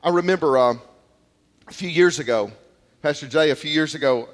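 Middle-aged man, pastor, animated sermon storyteller, somewhat high voice, echoing church hall. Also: normal speed. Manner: animated storytelling, repeats words, acts out quotes. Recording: long hall reverb.

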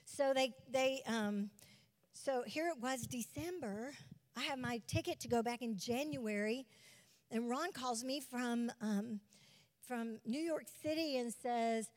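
A woman in her sixties, a missionary preacher, telling her testimony in a lively, folksy way from a church stage. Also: a little high, a little slow, in a large hall. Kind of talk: sermon testimony. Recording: live church sound with music behind.

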